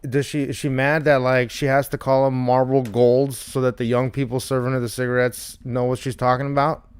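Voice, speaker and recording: A man in his mid-thirties talking loosely on a podcast over a video call, clear and smooth in tone at an ordinary middle pitch. He jokes, swears and slips into acting out both sides of little exchanges. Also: flat delivery, a little fast. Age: 30s. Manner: joking, swearing, acts out quoted exchanges. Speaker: podcast co-host. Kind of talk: casual podcast chat.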